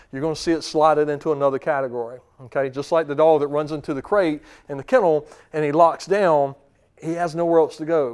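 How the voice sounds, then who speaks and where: A man's voice: on the high side, a little mellow, clear, resonant tone. A man in his thirties, a dog trainer giving a seminar to clients, talking casually with lots of fillers and questions to the audience. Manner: casual, quizzes the audience, many fillers and restarts.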